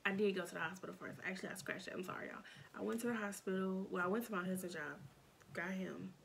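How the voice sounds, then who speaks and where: Young woman, storytime vlog, emotional, halting, gravelly fry. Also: medium pitch, a bit bright, a little hiss or hum. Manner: emotional, halting, many restarts and fillers. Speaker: storytime vlogger. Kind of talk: personal storytime.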